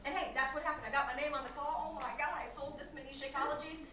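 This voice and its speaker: A woman with a high, bright voice gives an excited testimonial from a stage. She is heard from some distance in an echoey hall. A faint noise sits under her voice. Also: quick pace. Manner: excitable, animated, laughing. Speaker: coach sharing a success story on stage. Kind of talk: enthusiastic testimonial speech. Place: large hall at an event.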